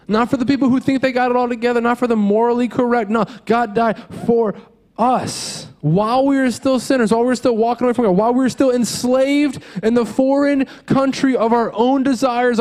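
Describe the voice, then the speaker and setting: A man in his thirties preaching a sermon as a pastor, earnest and conversational, mixing quick asides with slow emphatic lines. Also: very high voice, a little mellow.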